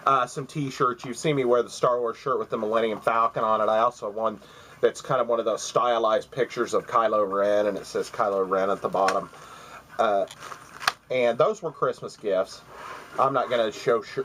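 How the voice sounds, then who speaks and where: A man's voice: fairly low pitch, moderate pace, a bit bright, a little hiss or hum, low-quality recording. A man recording a casual home video, rambling through stories about gifts with many fillers and restarts. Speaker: vlogger showing gifts. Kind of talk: casual chat. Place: at home by his computer.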